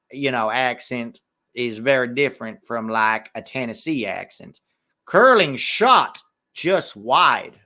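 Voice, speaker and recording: Bright, excitable American man commentating. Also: medium pitch. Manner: excitable, swears and exclaims at chances, chatty asides to viewers. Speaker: football watch-along host. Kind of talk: live casual match commentary and chat.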